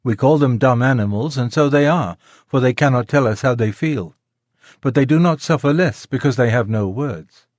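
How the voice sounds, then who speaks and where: A man voicing a refined, gently persuasive gentlewoman in an audiobook, speaking politely and earnestly. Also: mid-range voice, moderate pace, dry recording, studio quality, close to an everyday voice. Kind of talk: audiobook character reading. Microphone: close studio mic, dry.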